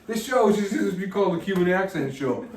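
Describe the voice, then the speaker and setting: Crude joking man, high voice. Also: animated, brisk. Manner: crude, joking, swears a lot. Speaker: podcast co-host. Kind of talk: casual comedic chat. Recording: echoey room, mic at a distance.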